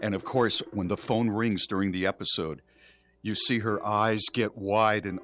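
A male radio host with a lowish voice spins a casual, animated tale for listeners. Music runs clearly under him. He slips into quick acted-out lines now and then. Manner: animated retelling with acted quotes.

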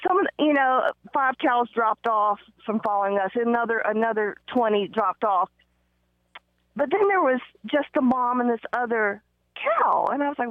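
A woman calling in to a radio show, telling a story in a rambling, excitable way with many fillers and restarts. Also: high-pitched, normal speed, dry recording. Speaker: caller. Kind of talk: phone-in storytelling. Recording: muffled phone line, dry.

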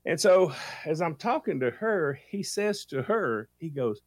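A man hosting a morning radio show, telling a funny story with lots of laughter and sudden excited jumps in his voice. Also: measured pace, dry recording. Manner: animated storyteller, laughs often, voice jumps high when excited.

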